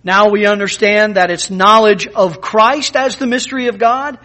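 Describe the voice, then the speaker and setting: A man preaching a sermon, emphatic, with big rises in pitch and volume, acting out the people he quotes. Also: steady tone, moderate pace, bright, forceful tone. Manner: acts out quoted speakers in scripture. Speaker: pastor.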